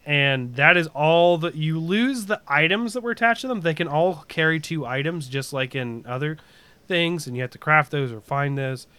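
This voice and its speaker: A man's voice: a little high, normal speed, bright, forceful tone, smooth. A man chatting casually about a video game, rambling with lots of fillers and restarts.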